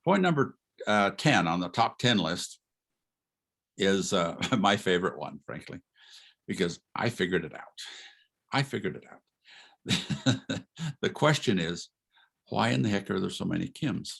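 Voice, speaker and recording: An older man lectures over a video call in a low, gravelly voice with a husky edge. He talks like a retired professor, lively and informal. He poses rhetorical questions and laughs as he goes. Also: a little slow, pauses often. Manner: animated, asks rhetorical questions, chuckles, acts out quotes. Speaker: retired history professor giving a talk.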